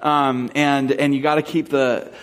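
A pastor from Southern California preaches a sermon in a mid-range voice with little pitch movement. He tells stories casually, with plenty of "like" and "um," then slows down into earnest questions.

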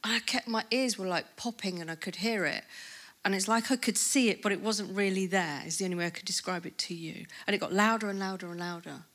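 A woman in her fifties speaking at a conference, telling a personal testimony in a lively storytelling way and acting out what people said. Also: mid-range voice, quick pace. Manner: lively storytelling with laughs and acted-out quotes.

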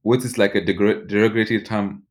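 A young Nigerian-accented journalist, interviewed, casually recounts his experiences, loose and full of "like" and restarts. His voice is fairly low, steady in tone and quick.

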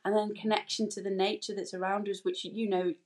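A woman's voice: medium pitch, level tone, fairly quick, darkish tone. A woman breath work instructor, a podcast guest, talking earnestly in loose, rambling sentences and voicing imagined inner thoughts. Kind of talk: casual interview chat.

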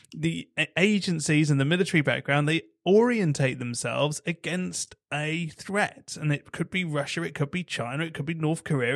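A man makes his case in a lively, emphatic way, pressing each point hard. His voice sits slightly high for a man. The sound is dry and close, with no room echo. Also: creaky. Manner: opinionated, animated, emphatic. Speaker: panelist in a cybersecurity discussion. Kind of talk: casual panel discussion.

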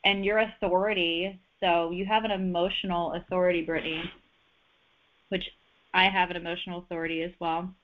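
A woman's voice: fairly low pitch, little pitch movement, fairly quick, slight background noise. A woman giving a casual personal reading, chatty and full of fillers and restarts. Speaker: human design reader. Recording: dull lo-fi sound.

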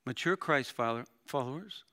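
A middle-aged male pastor preaching a sermon, animated, with dramatic readings and laughs. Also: medium pitch, normal speed.

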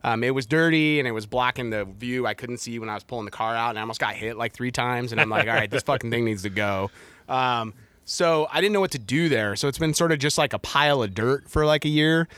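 A man in casual chat, telling stories in a relaxed way and quoting dialogue in an upbeat voice. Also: medium pitch, quick pace, clear, resonant tone, no echo. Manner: laid-back storytelling with upbeat quoted dialogue.

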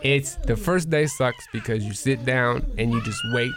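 A man's voice: mid-range voice, huge pitch swings, moderate pace, fairly bright tone. A man in casual chat with friends, animatedly retelling a story with acted-out quotes and profanity.

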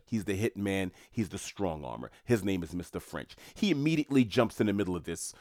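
New guy chatting to his viewers, rambling, lowish voice, dry close mic. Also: no room sound. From New York. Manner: rambling, conversational, addresses viewers. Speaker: commentator. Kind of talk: casual monologue.

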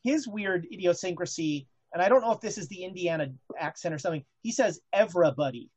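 A woman's voice: fairly low pitch, animated, fast talker, darkish tone, husky. A woman hosting a casual chat show, talking with many fillers and restarts. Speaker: podcast host.

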